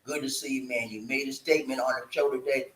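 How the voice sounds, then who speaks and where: A man's voice: medium pitch, steady tone, quick pace, a bit bright, reverberant, poor audio. A man hosting a casual live stream, playful and talkative, hyping his viewers with slangy call-and-response chants. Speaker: livestream host. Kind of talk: casual livestream chat.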